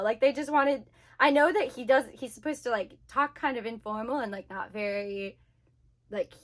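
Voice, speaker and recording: A woman talks to her camera in a casual vlog, her voice sitting a little higher than most. She rants animatedly and fills her sentences with "like". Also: moderate pace. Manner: animated ranting, heavy use of "like". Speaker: book vlogger.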